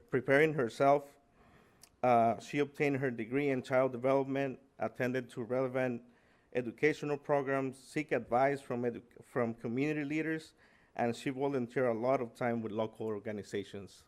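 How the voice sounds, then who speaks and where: Halting male public commenter, repeats and corrects himself, average pitch. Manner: halting, many restarts and self-corrections. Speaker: public commenter supporting his wife. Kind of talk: public comment at a board meeting.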